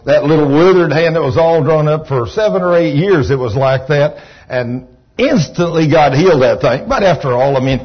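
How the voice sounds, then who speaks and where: A man preaching a storytelling sermon in a church, folksy and animated, sometimes rising to shouts of praise. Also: a little high, normal speed, breathy edge. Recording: dull lo-fi church recording.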